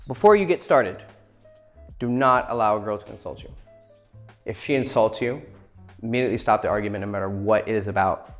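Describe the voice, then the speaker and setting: A man giving blunt, profane dating advice in a casual lecture, acting out quoted lines as he goes. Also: lowish voice.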